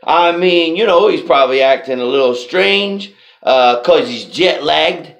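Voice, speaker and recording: A man voicing a flustered male airport baggage handler who insists in a rushed, pleading way. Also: on the high side, animated, creaky, a bit bright, full character voice. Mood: flustered insisting.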